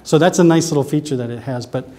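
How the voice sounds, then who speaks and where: Speaking with a Southern US accent, a presenter gives a conference talk to a room of customers, loose and chatty with quick asides. His warm voice sits a little higher than most men's.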